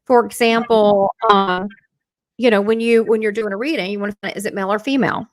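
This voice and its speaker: A woman hosts a live online chat as a spiritual medium, telling animated stories full of quoted dialogue and frequent restarts. She speaks at medium pitch and a little fast.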